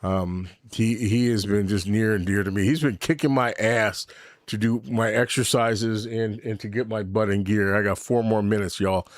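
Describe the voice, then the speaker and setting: Middle-aged male podcast host, lowish voice, dry close sound, rambling and unfiltered, talks straight to his live chat. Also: fairly even intonation, normal speed, no echo. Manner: rambling, candid, swears freely; reads and answers live chat. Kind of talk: casual livestream chat. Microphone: desk mic with camera.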